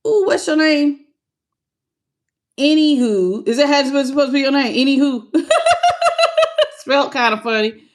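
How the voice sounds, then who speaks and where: A tarot reader gives a live reading, blunt and sassy, calling her viewers baby and honey and greeting live chat viewers by name. Her voice sits high and moves at a normal speed.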